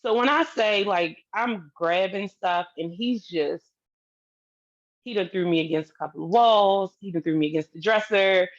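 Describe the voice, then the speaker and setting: A woman's voice: medium pitch, normal speed, highs cut off. A woman telling a personal story to her viewers in a candid, casual way, swearing freely and speaking straight to the audience. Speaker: vlogger.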